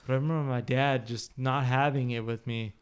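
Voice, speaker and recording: A man's voice: medium pitch, fairly even intonation, brisk, background noise. Blunt, foul-mouthed man telling his story. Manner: blunt and profane, with many fillers. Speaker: podcast guest. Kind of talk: candid conversational storytelling. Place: living room of his home.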